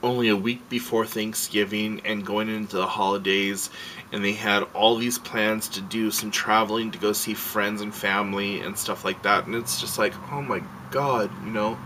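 A man's voice: fairly low pitch, little pitch movement, normal speed, noisy background. A man vlogging a casual rant, rambling and heartfelt, swearing freely and emotional as he tells his story.

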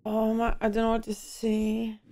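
A woman's voice: on the high side, completely flat delivery, normal speed, warm tone, slight background noise. A young woman giving a first-time movie reaction, emotional and given to gasps and exclamations.

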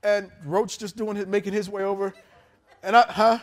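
A man preaching, his voice sitting high for a man. He tells his story with animated character voices, breaking into laughter as he goes. It sounds like a live sermon delivered on a mic. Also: a little fast. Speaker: pastor. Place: church service in a hotel venue. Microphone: handheld or lapel mic.

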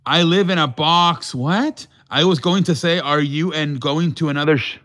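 A man's voice: a little high, moderate pace, fairly bright tone. A man hosting a casual live show, joking and mock-offended with callers, sprinkling in Spanish words. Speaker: show host.

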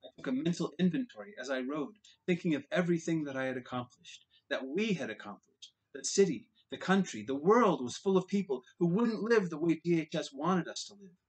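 A man's voice: a little high, animated, fairly quick, few pauses, breathy edge, rough recording. A man narrating a novel in the first person, earnest and dramatic in places. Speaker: audiobook reader. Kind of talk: audiobook narration.

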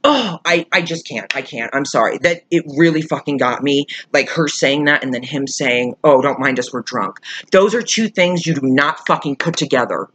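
A YouTuber recounts a storytime vlog while irate and upset, cursing heavily and swinging between loud outbursts and quiet muttering. The voice is mid-range, at normal speed with few pauses.

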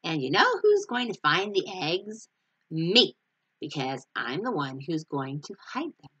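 A bossy, scornful know-it-all girl from a storybook, leaning hard on each word, as a woman reading aloud puts her on. She drags out her lines with lively ups and downs. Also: fairly low pitch, unhurried, husky, no room sound, dull audio, full character voice.

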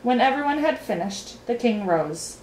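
A woman reading a children's novel aloud in an expressive storytelling voice. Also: fairly high pitch, moderate pace, a little hiss or hum. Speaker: reader. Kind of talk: storybook read-aloud narration. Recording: roomy echo, faint ambience.

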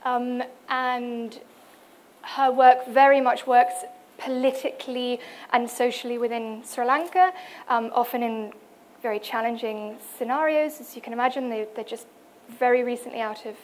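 Speaking at normal speed with fairly even intonation, a British woman with a voice on the high side introduces other artists during a cultural event's presentation. There's a little hiss or hum in the event hall recording, and her delivery is hesitant, with many fillers, restarts, and read-out quotes.

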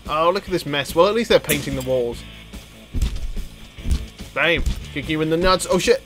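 A young man commentating his gameplay, excitable and swearing, breaking into sudden high yelps and laughter. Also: moderate pace, faint music behind. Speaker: let's play gamer.

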